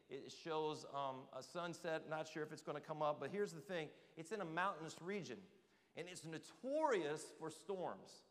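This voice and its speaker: A man preaching a sermon in a church, animated and asking the congregation questions directly. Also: on the high side. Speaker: pastor. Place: church sanctuary. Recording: reverberant church hall.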